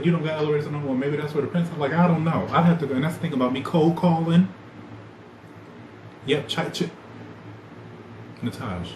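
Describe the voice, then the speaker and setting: A man hosting a podcast, rambling loosely in animated, slangy casual chat. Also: fairly high pitch. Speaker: podcast host. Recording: echoey room with loud ambient noise.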